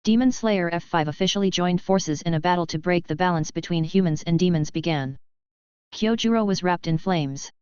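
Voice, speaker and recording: Smooth low-voiced woman narrating an audiobook. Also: normal speed, darkish tone, no echo, dull audio. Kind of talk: plain narration of a translated web novel.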